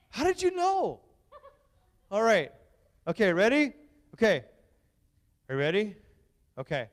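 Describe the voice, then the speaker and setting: Brief: high, clear-voiced man as a youth pastor, teasing and bossing the kids through a game, church hall echo. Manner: playful, teasing, bossy with the kids. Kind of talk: lively youth-group game hosting. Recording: long hall reverb.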